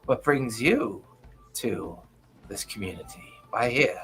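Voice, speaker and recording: A refined female orc merchant, careful and a little halting, played by a man in his own voice. She speaks at a middling pitch. Soft music plays faintly behind. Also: expressive. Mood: guarded. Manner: hesitant, halting speech.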